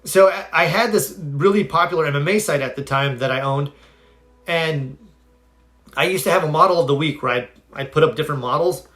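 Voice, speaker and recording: A man's voice: fairly high pitch, brisk, soft background music. A man talking casually on a live stream, telling stories earnestly and giving motivational advice, stopping now and then to answer viewers. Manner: earnest, animated storyteller; answers viewer comments directly.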